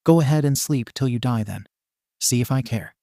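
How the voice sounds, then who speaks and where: A man's voice: medium pitch, moderate pace, warm tone, dry recording, studio quality, close to an everyday voice. A man voicing a hot-tempered, foul-mouthed teenage boy who snaps exasperated insults. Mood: irritated.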